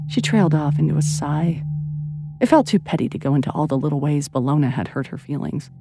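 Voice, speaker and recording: Audiobook narrator, woman, lowish voice, measured and expressive, music bed. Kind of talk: scripted narration. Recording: soft music bed under reading.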